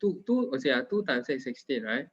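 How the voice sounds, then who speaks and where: A man's voice: medium pitch, sing-song, brisk, breathy edge. A man with a Singaporean English accent, tutoring math in a casual, playful, teasing way. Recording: dull lo-fi sound.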